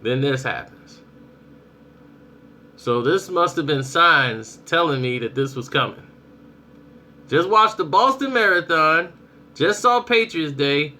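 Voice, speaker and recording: A young adult man giving casual spoken commentary on his channel, telling stories in a lively way and acting out people's reactions. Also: a little high, slow, pauses often. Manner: animated storytelling, acts out reactions. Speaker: vlogger.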